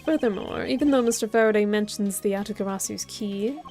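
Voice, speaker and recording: A woman voicing a calm, logical male prosecutor, reading game dialogue aloud in a measured, formal way. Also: mid-range voice, faint music behind, lightly acted. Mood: reasoning.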